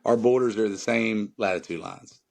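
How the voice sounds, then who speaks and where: A man's voice: lowish voice, normal speed, gravelly, darkish tone. A man from North Carolina with a Southern accent, a musician guest chatting casually and emphatically, rambling with many fillers. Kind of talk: casual podcast chat.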